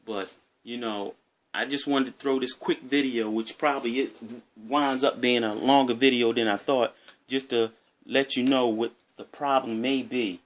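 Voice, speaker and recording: A man's voice: medium pitch, steady tone, normal speed. Rambling man with a Maryland accent. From Maryland, USA. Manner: rambling, conversational, repeats himself. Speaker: gaming vlogger. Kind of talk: casual talk to camera.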